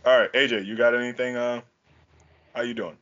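A man hosting a podcast in casual chat, talking in a profane, slangy, animated way. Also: mid-range voice, a little fast, dull audio. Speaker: podcast host.

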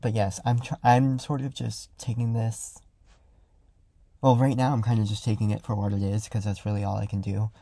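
A young man hosting a casual solo podcast, talking loudly and rambling with lots of fillers as he reflects. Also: lowish voice, level tone, moderate pace, creaky, dry recording. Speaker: podcast host. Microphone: close studio mic.

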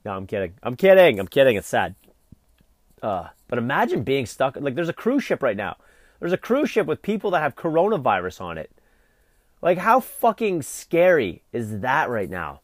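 Animated, foul-mouthed ranting man. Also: mid-range voice, moderate pace, dry recording, clean studio sound. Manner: profane, exasperated ranting with frequent fillers. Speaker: vlog host. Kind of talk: solo rant monologue.

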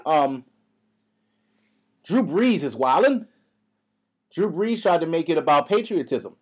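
A young man hosting a podcast in a casual, profane, heated rant, talking fast. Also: fairly high pitch, sing-song, darkish tone, husky. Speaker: podcast host. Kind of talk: casual ranting monologue.

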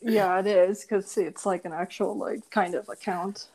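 A young woman hosting a casual podcast chat, animated and quick to laugh, her talk full of "like". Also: medium pitch. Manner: animated, laughs often, fillers like "like". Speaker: podcast host.

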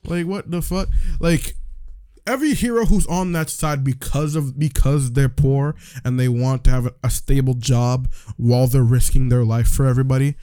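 A man's voice: mid-range voice, fairly even intonation, moderate pace, warm tone, clear, resonant tone, dry recording, clean studio sound. A man co-hosting a podcast, ranting in casual chat, profane and incredulous. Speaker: podcast co-host.

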